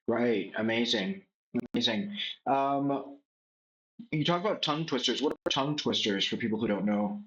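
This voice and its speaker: A man hosting an interview, asking questions and offering quick, encouraging affirmations. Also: mid-range voice, expressive, fairly bright tone, lo-fi sound. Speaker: podcast host, interviewer.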